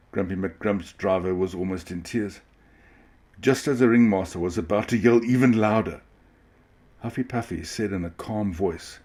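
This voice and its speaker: A man reading a children's story aloud in a gentle, expressive way. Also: sits low, normal speed, breathy edge. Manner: gentle, expressive, occasional restarts.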